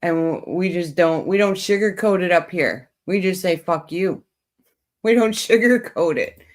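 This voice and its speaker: At normal speed and fairly low in pitch, a woman chats casually on her true crime livestream, reading comments from viewers even as a cold comes on.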